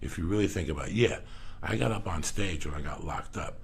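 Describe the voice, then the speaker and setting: Deep gravelly middle-aged guy, rough storyteller, swears a lot, gets loud out of nowhere. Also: fairly quick, slight background noise. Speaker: podcast guest. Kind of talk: profane comic storytelling.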